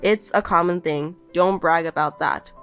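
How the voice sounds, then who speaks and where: Scornful bossy husband, woman reading it, low-ish voice, talks down to his wife. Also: normal speed, gravelly, fairly bright tone, soft background music. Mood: contemptuous. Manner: belittling, bossy and contemptuous. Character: scornful insulting young husband. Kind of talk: reading a text-message story.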